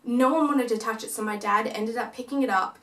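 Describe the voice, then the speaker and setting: A woman's voice: on the high side, brisk, distant mic. A young woman vlogger casually telling a ghost story, acting out what her family said. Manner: animated retelling that acts out quoted family lines. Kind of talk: casual storytelling of a paranormal experience. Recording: echoey room, voice away from the mic.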